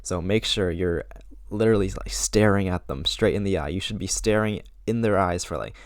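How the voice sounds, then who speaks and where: Young man, around eighteen, deep voice, casual advice vlog, filler-heavy, dry recording. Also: moderate pace, dry recording. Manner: casual, filler-heavy, acts out sample lines. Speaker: vlogger giving social advice. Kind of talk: casual advice talk to camera.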